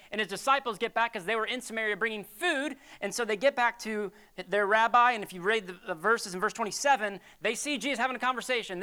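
A woman preaching a sermon in a conversational, animated way, with jokey asides. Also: mid-range voice, clean tone.

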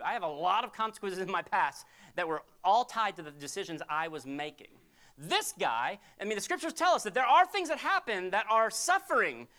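A woman preaching a sermon in an animated, conversational way, with touches of humor. Her fairly high voice swings widely in pitch as she tells the story. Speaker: pastor.

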